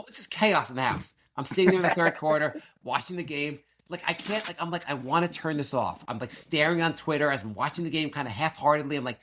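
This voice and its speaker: A man's voice: a little high, fast, pushed and bright. A middle-aged man co-hosting a sports podcast, ranting animatedly through a story and acting out what his family said. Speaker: podcast co-host. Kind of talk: casual sports podcast chat.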